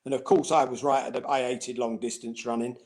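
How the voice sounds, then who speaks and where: A middle-aged former footballer telling anecdotes in a casual interview, laughing and acting out quoted voices. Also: male voice, mid-range voice, level tone, fairly quick, a little mellow.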